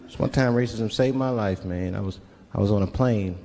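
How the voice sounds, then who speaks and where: A man's voice: on the low side, brisk, gravelly, heavy background noise. A man performing a stand-up comedy routine on stage, telling profane stories and acting out voices. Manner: brash, profane storytelling with acted-out voices. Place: comedy stage before a live audience. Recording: live show with loud crowd laughter.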